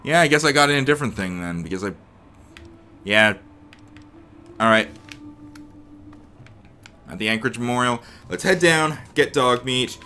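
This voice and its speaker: A man giving casual commentary while playing a game, talking to himself and to the characters, sometimes slipping into a mock accent or a hushed murmur. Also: mid-range voice, animated, normal speed, long pauses, a little hiss or hum. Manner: talks to himself and the game characters, rambling and reactive; slips into a mock accent, drops to a hushed murmur when sneaking. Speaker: let's play gamer.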